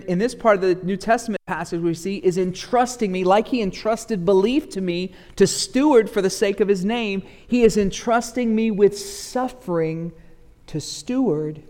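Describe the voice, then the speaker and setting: A male pastor preaches in a church sanctuary, his fairly high voice carrying a long hall reverb. He swings between loud, pleading outbursts and quiet, low-spoken stretches. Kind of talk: sermon.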